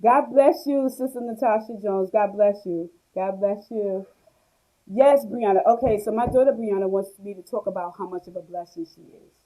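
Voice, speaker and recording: Lady in her 40s doing a live stream, warm mellow voice, laughs a lot, answers comments. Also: mid-range voice, moderate pace, rough recording. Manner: animated, laughing, reads comments aloud and answers them. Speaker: host of a live stream reading viewer comments. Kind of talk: casual live stream talk.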